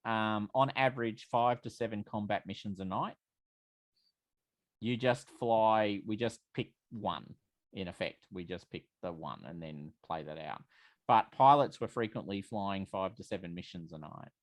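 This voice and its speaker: A man's voice: on the low side, dry recording. A man running a tabletop role-playing game as game master, narrating the scene with many fillers and restarts.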